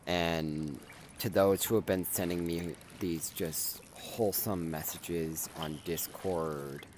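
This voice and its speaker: A young man giving an emotional personal update as a content creator, halting and sighing as he holds back tears. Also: low-pitched, fairly even intonation, a little mellow, a little hiss or hum. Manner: emotional, halting, with sighs and restarts.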